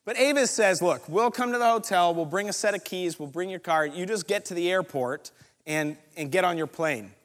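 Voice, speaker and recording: A man preaching a storytelling sermon, animated and acting out the other people's lines in the story. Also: high voice, normal speed. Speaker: pastor. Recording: long reverb of a large hall.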